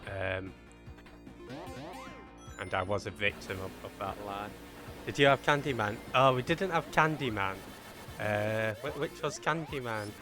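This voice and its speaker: Streaming a game live over background game music, this Manchester man talks in a fairly low voice, a little slowly, with long pauses. His Mancunian accent carries casual, rambling banter with his chat, full of jokes at his own expense.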